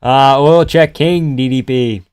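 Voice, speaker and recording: A man hosting a live fight-reaction stream, chatting loosely and profanely with his viewers and often trailing off quietly. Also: mid-range voice, a little slow, clear, resonant tone, no echo, studio quality. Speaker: live-stream host reading chat.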